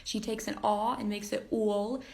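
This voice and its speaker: A woman's voice: medium pitch, little pitch movement, moderate pace, gravelly, a little mellow. A woman explaining step by step, in an upbeat and chatty way, how to sing like pop singers. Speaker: singer and impressionist. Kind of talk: casual singing tutorial.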